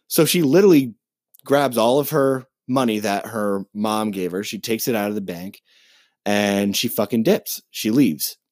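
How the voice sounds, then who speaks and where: A man co-hosting a podcast, ranting in a casual, profane and animated way as he retells a movie plot. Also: fairly low pitch, a little slow, dry recording, clean studio sound. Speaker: podcast co-host. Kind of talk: casual chat.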